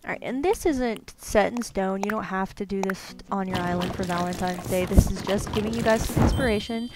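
A woman's voice: medium pitch, a little fast, noisy background. Chatty woman narrating gameplay. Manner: chatty, rambling, upbeat. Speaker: gaming video host. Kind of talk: casual gameplay commentary.

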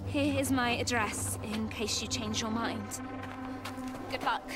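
A woman's voice: a little high, fairly even intonation, slow pace, over loud music. A woman voicing a spoiled, demanding film star in a video game, haughty and rude.

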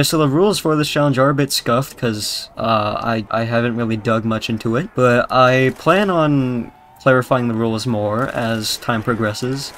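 Young man, British accent, gameplay commentary, crude, rambling, jokey. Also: medium pitch. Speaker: gaming YouTuber.

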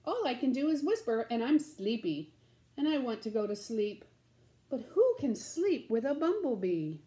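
A woman's voice: a little high, sing-song, moderate pace, warm tone. A woman voicing a sleepy little male rabbit in a storybook, in a whispered role-play. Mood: sleepy, plaintive. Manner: whispering, plaintive.

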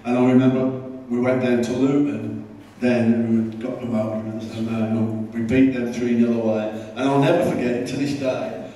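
Man telling old footy stories, dry and low-key, mellow voice, far off in a big echoey hall. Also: little pitch movement, normal speed, hardly any pauses. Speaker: former football manager. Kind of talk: live podcast storytelling. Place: live event venue. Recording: roomy live hall from far off.

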